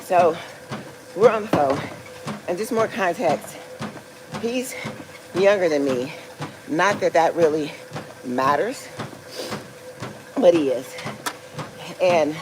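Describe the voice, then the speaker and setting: With a lowish voice and background noise behind her, this vlogger in her forties shares a personal story during a relaxed livestream. Her telling is rambling and packed with fillers, and she laughs as she goes.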